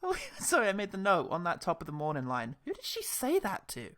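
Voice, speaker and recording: A man co-hosting a casual film review chat, joking with quick asides and laughing often. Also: high voice, huge pitch swings, fairly bright tone. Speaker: podcast co-host.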